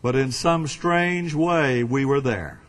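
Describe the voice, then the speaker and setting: A man preaching a sermon in a slow, emphatic way, with dramatic swings between loud and quiet. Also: mid-range voice.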